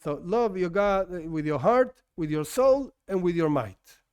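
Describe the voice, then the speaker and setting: A rabbi teaching an informal religious class, talking conversationally with rhetorical questions and frequent restarts, as a non-native English speaker. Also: male voice, high voice, animated, measured pace, a little mellow, smooth. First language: not English.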